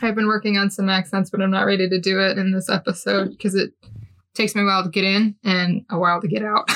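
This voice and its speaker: A woman's voice: medium pitch, creaky, pushed and bright. A woman hosting a podcast, chatty and giggly, reading stories aloud. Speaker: podcast host.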